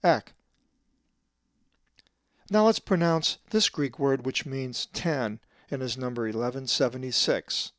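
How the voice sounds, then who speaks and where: A man who translates the Bible, giving a scripted lesson on Greek pronunciation and slowly drawing out each example word. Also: mid-range voice, fairly bright tone, dry recording, clean studio sound. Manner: methodical, drawn-out slow stress on Greek words.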